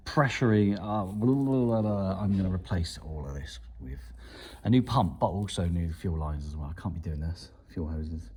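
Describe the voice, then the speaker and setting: A motorcycle mechanic who makes videos walks through a project bike in a casual workshop vlog, wry and self-deprecating. His voice is low-pitched and warm, with a breathy edge.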